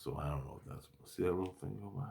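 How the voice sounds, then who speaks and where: A man telling a personal story in a casual, rambling monologue, excitable and profane, repeating his exclamations. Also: low voice, rapid-fire, creaky.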